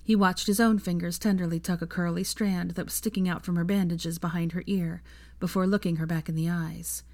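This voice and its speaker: Soft-spoken woman reading a story. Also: lowish voice, steady tone, brisk. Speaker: fan fiction reader. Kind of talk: audiobook narration.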